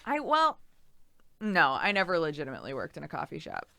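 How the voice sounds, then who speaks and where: A woman's voice: deep voice, huge pitch swings, a little fast, gravelly, sharp tone, no echo. A pregnant young woman streamer chatting casually and reading out viewer messages, giggly and rambling with lots of fillers.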